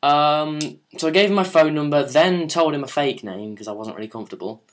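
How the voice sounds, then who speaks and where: A man's voice: fairly high pitch, brisk. Sweary young man rambling. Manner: rambling, sweary and sarcastic, with frequent restarts. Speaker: vlogger. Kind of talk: casual storytelling and viewer Q&A.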